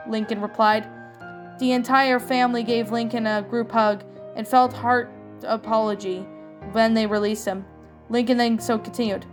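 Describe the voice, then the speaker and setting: A woman narrating a fan-written story, fairly high-voiced and steady. she reads evenly and stumbles now and then. soft music plays faintly underneath. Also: normal speed. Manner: plain, even reading with small slips. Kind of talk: storybook reading.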